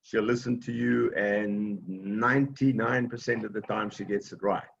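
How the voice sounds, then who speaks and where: A man with a gravelly, mid-pitched voice teaches seniors in an online class. He explains patiently and plainly, restarting often and filling pauses. The sound is a dull, lo-fi video call with a faint hiss behind. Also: fairly even intonation. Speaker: technology class instructor.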